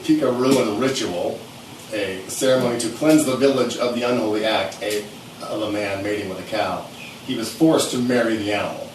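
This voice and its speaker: A man's voice: on the low side, moderate pace. A man co-hosting a podcast, retelling a news story in a crude, joking way, recorded in an echoey room from a distance. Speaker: podcast co-host. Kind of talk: casual chat, story retelling. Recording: echoey room, distant mic, faint hiss.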